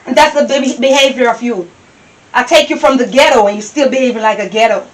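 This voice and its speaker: A woman with a Jamaican accent playing a domineering, scornful wife who scolds her husband and her maid, often breaking into shouts. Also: on the high side, quick pace, natural voice, low-quality recording. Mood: scolding. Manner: scolding, cutting, bursts into shouts. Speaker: actor in a Jamaican stage-style movie.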